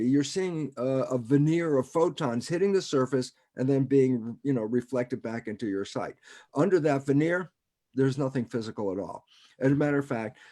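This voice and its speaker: Man explaining with rhetorical questions. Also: mid-range voice. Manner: rhetorical, keeps asking himself "why is that relevant?"; chuckles often, animated. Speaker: guest speaker. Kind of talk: conversational science explainer. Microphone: video call.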